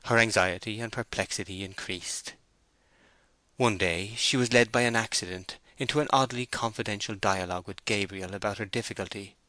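Low, forceful male audiobook narrator. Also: no room sound. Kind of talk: scripted narration.

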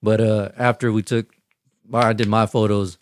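A man's voice: fairly low pitch, flat delivery, moderate pace, dry recording, clean studio sound. A young man in his twenties telling a casual story on a podcast, laughing and swearing often. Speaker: podcast host. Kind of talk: casual chat.

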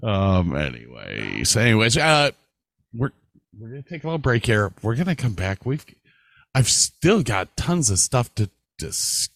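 A man's voice: lowish voice, very animated, a little slow, vocal fry, a bit bright, dry recording. A man co-hosting a podcast in casual, joking chat, swearing and laughing often. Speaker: podcast co-host.

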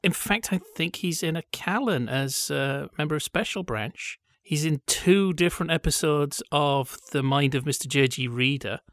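A man's voice: a little high, moderate pace, few pauses, a bit bright, no room sound, studio quality. A man chatting casually as a podcast co-host, telling wry, digressive stories. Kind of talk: casual chat about old British TV.

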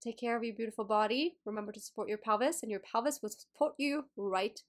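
A young woman with a slightly nasal voice hosts her own podcast in a relaxed way. She repeats her phrases and speaks straight to her listeners with encouraging questions. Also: fairly high pitch, fast talker, slight background noise. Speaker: podcast host and yoga teacher. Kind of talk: casual solo podcast talk.

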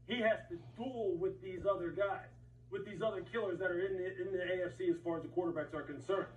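Fast, high-voiced sports analyst man. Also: steady tone, slight background noise. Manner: emphatic, rapid listing. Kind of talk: TV sports commentary. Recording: roomy, distant, dull played-back clip.

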